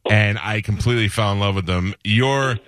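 A man's voice: lowish voice, normal speed, fairly bright tone, clean tone, dry recording. Radio host: joking, middle-aged man from New York, dry studio sound. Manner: joking, laughs often. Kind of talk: casual radio interview.

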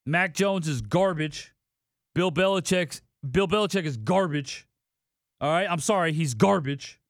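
A man hosting a casual sports betting podcast alone, ranting and swearing, swinging between loud outbursts and low mutters. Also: unhurried, no room sound, studio quality. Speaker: podcast host.

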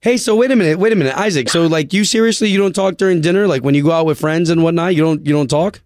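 A man hosting a morning radio show in a studio, pushing his callers with brisk, prodding questions. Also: on the high side, a little mellow, dry recording. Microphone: studio mic.

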